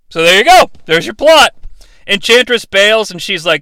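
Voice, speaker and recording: A sarcastic, profane man hosts a casual movie-recap podcast. His voice sits high and swings widely, with a bright, clear tone. It is recorded dry and close. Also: big pitch swings, normal speed, no echo. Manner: sarcastic, profane, acts out characters. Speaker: podcast host.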